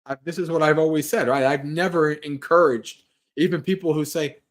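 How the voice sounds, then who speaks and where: A man's voice: a little high, fairly even intonation, normal speed. A man who is a Buddhist monk, hosting a livestream and giving a casual Dharma talk, earnest and rambling, restarting his sentences and laughing lightly.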